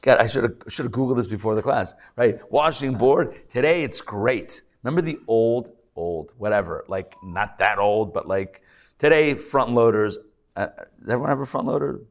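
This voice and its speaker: A rabbi teaching a live class before an audience, chatty with joking asides and many fillers and restarts. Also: male voice, medium pitch, animated, moderate pace.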